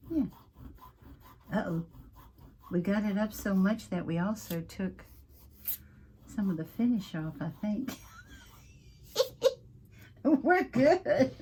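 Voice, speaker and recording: A woman with a Southern American accent chatting casually as she crafts, homey and prone to drifting off topic, with a slightly husky voice and frequent throat-clearing. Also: on the low side, a little mellow, a little hiss or hum. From Southern United States. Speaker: crafting channel host. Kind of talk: casual craft-along chat.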